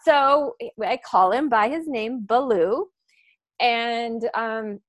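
An American woman hosting a podcast, an enthusiastic and animated storyteller in casual interview chat. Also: fairly high pitch, slow, no room sound. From United States. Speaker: podcast host.

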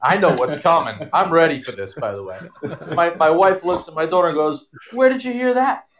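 A man telling a family anecdote in casual podcast chat, acting out the quotes with lively energy. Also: fairly high pitch, a little fast. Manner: animated anecdote teller, acts out quotes. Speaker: guest. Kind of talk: casual storytelling.

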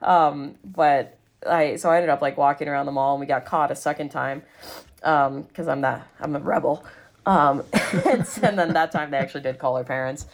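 A woman in her thirties from Alaska chats as a podcast guest, her voice sitting low for a woman. She tells stories loosely and with animation, laughing often and leaning on fillers like "like" and "um.". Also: steady tone, moderate pace. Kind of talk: casual storytelling chat.

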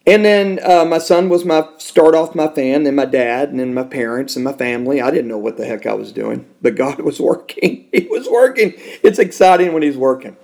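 Male podcast host, gravelly voice, emotional studio testimony with big swings in volume and pitch. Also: normal speed, few pauses. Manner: emotional, swings from loud and high to soft and hushed. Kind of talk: personal testimony.

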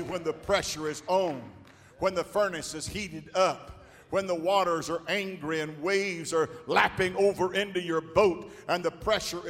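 A male pastor preaching a sermon to a congregation, building from slow, measured lines to shouted, drawn-out exclamations. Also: high-pitched. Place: large church hall. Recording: long hall reverb.

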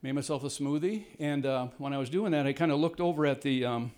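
A man telling a rambling, self-deprecating personal story to a live audience, his voice jumping high when the story turns tense. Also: fairly quick, a little mellow. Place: jungle home on a tropical mountain.

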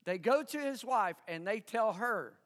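A man preaching a sermon, retelling a story in an animated way, acting out the voices of the people in it and chuckling often. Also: sits high, measured pace, in a large hall. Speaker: pastor.

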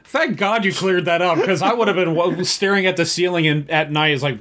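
A man's voice: sits high, a little fast, few pauses, fairly bright tone. A man hosting a casual comedy podcast, teasing his co-host and steering the segments along.

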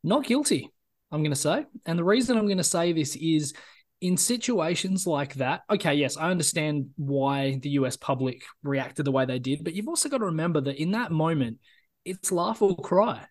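A man's voice: fairly high pitch, lively intonation, normal speed, darkish tone. A man co-hosting a casual sports podcast, blunt and opinionated, often repeating words as he starts. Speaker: podcast co-host.

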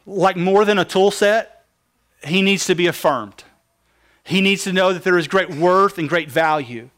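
High-voiced preaching man. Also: unhurried, a bit bright. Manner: preaching with call-and-response questions, emphatic. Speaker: pastor. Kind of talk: sermon.

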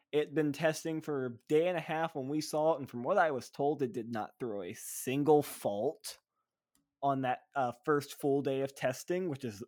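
A man co-hosting a laid-back podcast, chatting with eager excitement. He rambles freely, leaning on fillers like "um" and "like" and restarting his sentences as he goes. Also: fairly high pitch. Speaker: podcast co-host. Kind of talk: casual chat.

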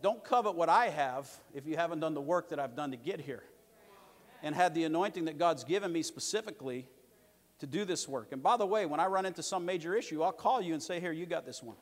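A fairly high-voiced man preaching to a congregation, hammering home words by repeating them. He swings from forceful, loud declarations to quieter asides. His voice rings with a long church reverb. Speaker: pastor. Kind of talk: sermon.

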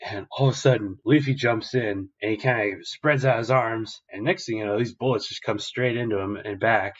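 A young male podcast host retells a story in a loose, rambling way and swears often. His voice sits fairly low, and the recording is dull and lo-fi. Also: fairly quick, slightly rough. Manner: rambling, profane, animated retelling. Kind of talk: casual episode recap.

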